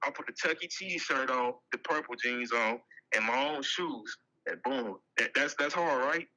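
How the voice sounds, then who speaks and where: A brash man in casual banter who jokes and interrupts, speaking. His voice is very bright and sharp, at a middle pitch, with a slightly radio-like tinny sound. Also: moderate pace.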